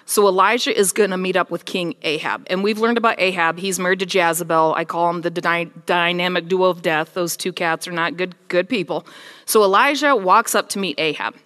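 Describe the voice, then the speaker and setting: This woman preaches a casual sermon, retelling scripture as a story and acting out the figures' lines in animated voices. Her voice sits on the low side, trailed by a long reverb tail.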